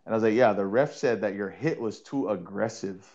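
A man from Hawaii, co-host and former player and coach, telling stories in an animated, laughing way and often repeating words. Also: lowish voice, brisk, lo-fi sound. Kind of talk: casual storytelling in a podcast chat.

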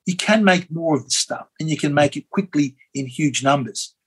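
An Australian man, a former member of parliament, telling a rambling, animated story as an interview guest, with many fillers and restarts. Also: on the high side, normal speed, breathy edge, poor audio. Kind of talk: conversational storytelling.

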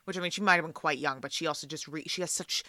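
A woman's voice: low-pitched, racing, sharp tone, no room sound. A woman who acts, chatting as a guest on a film podcast, opinionated and emphatic, often breaking off and restarting her sentences. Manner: opinionated, emphatic, self-interrupting. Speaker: guest, actor. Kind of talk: casual chat.

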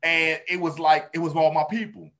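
Animated man, bright excited storytelling voice. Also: on the high side, moderate pace. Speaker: comedian. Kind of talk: casual chat.

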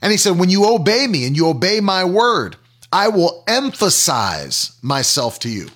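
A man's voice: high voice, big pitch swings, moderate pace, fairly bright tone. A man preaching a sermon, teaching through questions and everyday examples and repeating key phrases for emphasis.

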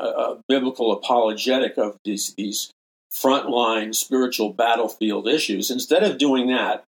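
Gravelly, fervent older preacher man. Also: fairly low pitch, poor audio. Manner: emphatic, repeats phrases for stress. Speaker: minister and show host. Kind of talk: impassioned preaching commentary.

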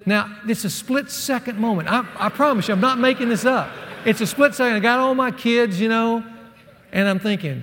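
Gravelly man preaching in a big hall. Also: extremely high pitch, moderate pace. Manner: folksy, animated storyteller. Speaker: speaker at a men's ministry session. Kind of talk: sermon with personal storytelling. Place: large hall with a live audience. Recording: long reverb of a large hall.

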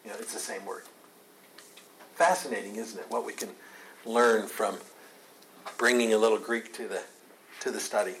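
A man's voice: lowish voice, normal speed, pauses often, fairly bright tone, slight background noise, poor audio. A man teaching a Bible study class, earnest and emphatic, taking questions from the group.

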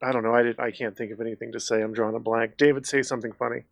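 A man's voice: mid-range voice, flat delivery, rapid-fire, gravelly, dry recording. A man co-hosting a podcast in casual chat, laid-back and swearing offhandedly. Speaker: podcast co-host.

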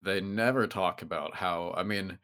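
A man's voice: low voice, normal speed. A man co-hosting a podcast, chatting casually and critically about a film and mocking the people in it. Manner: animated, critical, quotes people with mocking voices. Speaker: podcast co-host.

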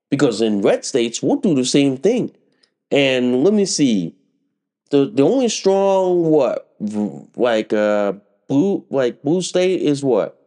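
A man hosting a podcast in a heated, profane rant, hammering the same points again and again. His pitch swings widely while his delivery stays slow and deliberate. He is getting over a head cold. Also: mellow. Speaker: political podcast host. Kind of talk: ranting political commentary.

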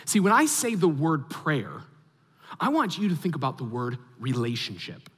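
A man in his thirties preaching a sermon as a pastor, telling a story with animated, acted-out reactions. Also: a little high, normal speed, breathy edge. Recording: long hall reverb.

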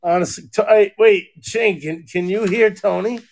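A man's voice: high-pitched, normal speed, gravelly. A young man co-hosting a podcast over a phone call, cursing freely and laughing often. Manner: profane, excitable, laughing often. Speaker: podcast co-host. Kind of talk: casual chat.

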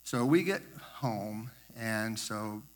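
A man's voice: on the low side, expressive, slow. An older man and grandfather, telling a rambling devotional story with many repeats and asides. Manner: rambling, repeats words, self-correcting asides. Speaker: speaker sharing a devotional story. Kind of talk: informal sermon storytelling.

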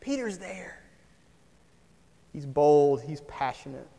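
A man preaching from the pulpit with a high-pitched voice, energetic and conversational. His voice rings out into a church hall that carries a long reverb. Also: slow, vocal fry. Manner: lively preaching, swings between loud emphasis and quiet asides. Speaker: pastor. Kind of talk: sermon.

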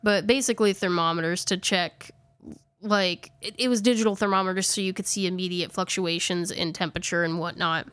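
Casual podcast host, woman; smooth voice, chatty with fillers, slightly breathless. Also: lowish voice, steady tone, brisk, a bit bright, dry recording. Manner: chatty, lots of "like", self-correcting. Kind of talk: casual chat recapping a ghost-hunting video.

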